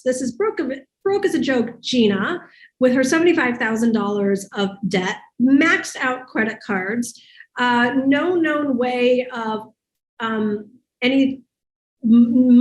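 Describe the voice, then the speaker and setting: Woman, host and life coach, storytelling talk, emphatic, conversational, higher voice, echoing room. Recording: roomy echo.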